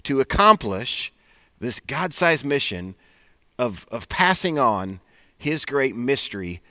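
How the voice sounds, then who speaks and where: A man's voice: mid-range voice, big pitch swings, slow, sharp tone, no echo. A man, a pastor preaching a conversational, folksy sermon to his congregation.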